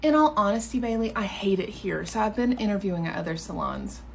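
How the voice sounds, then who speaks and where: A woman's voice: medium pitch, animated, brisk, vocal fry, a little mellow, a little hiss or hum. Sassy sarcastic young woman. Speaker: comedy skit creator. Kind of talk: comedy sketch about workplace.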